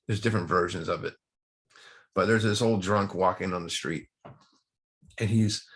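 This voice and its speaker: A man's voice: on the low side, a bit bright. A man speaking to a recovery study group in a casual, rambling way with many restarts. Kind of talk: casual talk.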